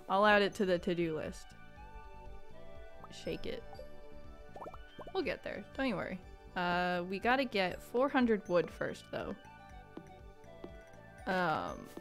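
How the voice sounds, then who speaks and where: A woman streaming a farming game live, chatting playfully with her viewers and reading their comments aloud. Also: lowish voice. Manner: chatty and playful, answers chat, mock outrage. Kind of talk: casual live-stream chat.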